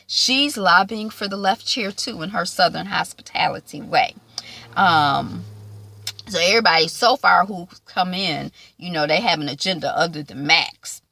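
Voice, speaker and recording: Woman, casual TV recap, animated delivery, acts out quotes, bright tone, dry room. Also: lowish voice, vocal fry, dry recording. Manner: animated, acts out quoted lines in quick asides. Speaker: TV show reviewer.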